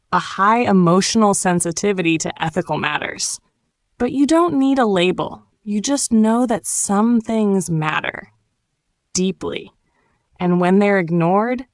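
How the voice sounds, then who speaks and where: A woman reading a scripted narration for English learners, measured and reflective, delivered in short phrases. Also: mid-range voice, no echo, clean studio sound. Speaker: podcast narrator.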